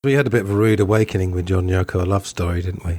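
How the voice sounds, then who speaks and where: Low-voiced chatty podcast host, dry sound. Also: male voice, very fast, a little mellow, dry recording. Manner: chatty and loose, hedges often. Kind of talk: casual conversational review.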